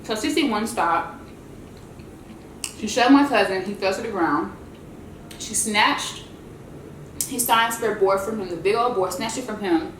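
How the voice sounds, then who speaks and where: A woman vlogger telling a story in a chatty, animated way while she eats, and she calls her viewers y'all. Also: mid-range voice, roomy sound, a little hiss or hum, poor audio. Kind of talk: casual storytelling while eating.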